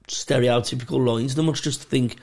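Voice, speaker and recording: A man's voice: mid-range voice, steady tone, normal speed, gravelly, a little mellow. A man co-hosting a podcast, telling sweary stories in casual chat and laughing often. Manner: sweary storytelling, laughs a lot. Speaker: podcast co-host.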